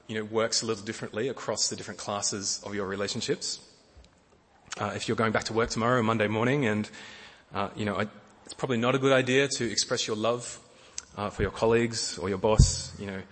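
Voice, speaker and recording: Man, middle-aged, sermon, husky tone, long hall reverb. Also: on the low side, steady tone, a little fast. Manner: gentle, with frequent fillers and repeated words. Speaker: preacher.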